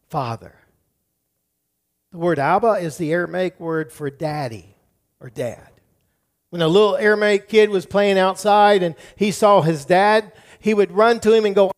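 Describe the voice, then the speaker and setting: A middle-aged male pastor preaching a sermon, shifting between soft, quiet passages and loud, emphatic build-ups. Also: high voice, measured pace. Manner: dynamic preaching, drops to soft tones then builds up loud.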